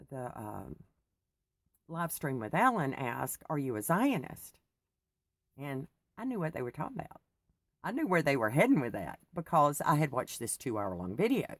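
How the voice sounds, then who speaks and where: A woman's voice: low-pitched, dry recording. A middle-aged woman chatting in a rambling, digressive way, keyed up on coffee after little sleep. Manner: chatty, digressive, laughs often. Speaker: faith vlogger. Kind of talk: rambling personal talk.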